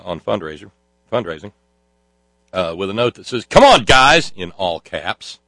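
A man's voice: sits low, dry recording. A man hosting a talk show, delivering a sardonic monologue full of fillers and restarts. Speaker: host.

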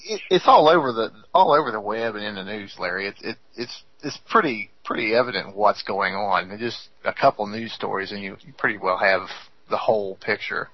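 A man's voice: fairly low pitch, brisk, no room sound, highs cut off. A man co-hosting a political radio talk show, wry and agreeable.

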